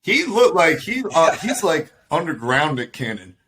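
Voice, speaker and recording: A man's voice: a little high, very animated, unhurried, pushed and bright, a little hiss or hum. A man co-hosting a podcast on a video call, riffing on sports in a joking, profane way and laughing often. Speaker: podcast co-host. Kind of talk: casual sports chat.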